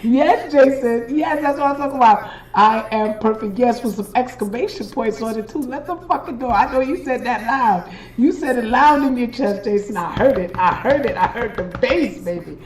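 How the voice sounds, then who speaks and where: A woman's voice: fairly high pitch, normal speed, darkish tone, faint music behind, rough recording. A woman hosting a live stream, giving an emphatic, preachy and profane motivational pep talk straight to her viewers. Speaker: spiritual reader and live-stream host.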